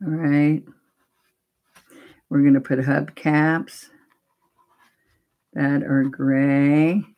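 A woman's voice: low voice, level tone, extremely slow, highs cut off. A woman demonstrating a painting technique live, explaining each step in a chatty, step-by-step way. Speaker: painting instructor.

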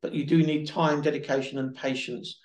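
A man's voice: on the high side, flat delivery, moderate pace, a little mellow. Patient man presenting, in an echoey room. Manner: patient, explanatory, repeats himself at times. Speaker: webinar presenter. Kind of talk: demonstrating phone accessibility features.

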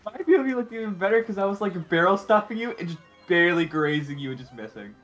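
A young man chatting casually while racing in a video game, excitable, swearing often and breaking into laughter. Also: sits high, fast, soft background music. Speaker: gamer.

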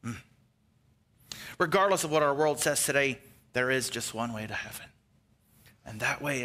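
A male pastor preaching a sermon, animated, acting out the Bible's dialogue and now and then dropping to a near-whisper. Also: mid-range voice, moderate pace, pauses often.

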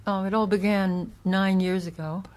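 A woman's voice: medium pitch, fairly even intonation, normal speed, darkish tone. A woman author, a guest in an interview, explaining family history at length with small restarts. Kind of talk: casual interview.

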